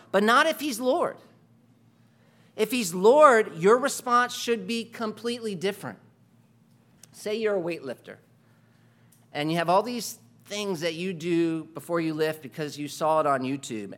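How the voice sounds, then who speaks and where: A man preaching a sermon, emphatic and full of rhetorical questions, moving between quiet asides and loud stresses. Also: high-pitched.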